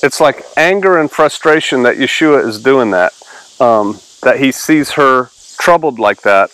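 A man's voice: mid-range voice, animated, a little slow, a bit bright, rough recording. A male pastor giving a casual Bible teaching, reading verses aloud and explaining them in a conversational way.

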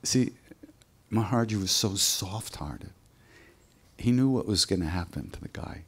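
Man, low voice, relaxed, conversational, spiritual storytelling, acts out voices. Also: measured pace, breathy edge. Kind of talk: storytelling talk at a live workshop.

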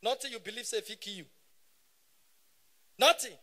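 A man in his thirties with a Nigerian Pidgin English accent, doing live stand-up comedy on stage and shouting punchlines in bursts. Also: very high-pitched, normal speed. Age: 30s.

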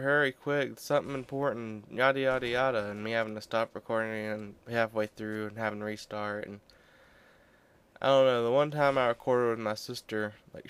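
While playing a video game, a young man delivers rambling, offhand, joking commentary. His voice is fairly low, clear and resonant.

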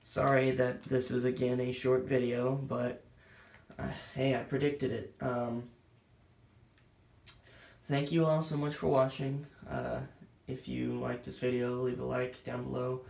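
A man rambles through his gameplay commentary in a slow, gravelly voice, losing his train of thought and mocking himself. He sounds a little winded. The recording is roomy and echoey, with a faint hiss of background noise underneath. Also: medium pitch, little pitch movement. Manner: scattered, self-deprecating, thinks out loud. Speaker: gaming channel host.

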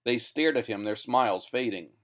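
A man's voice: medium pitch, moderate pace, fairly bright tone. Man narrating a sci-fi story. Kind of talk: scripted narration.

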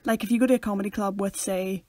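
A young Northern Irish woman co-hosts a podcast in easy, playful chat. Her voice has an ordinary middle pitch. The sound is dry and close, with little room around it. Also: steady tone, fast talker, mellow, no echo. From Northern Ireland. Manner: playful, laughs often. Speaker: podcast co-host. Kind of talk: casual chat.

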